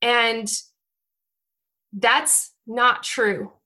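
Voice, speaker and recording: A woman's voice: a little high, steady tone, very slow, pushed and bright. Emotional woman giving a heartfelt devotional talk. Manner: heartfelt and emotional, with frequent restarts. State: close to tears. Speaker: church speaker.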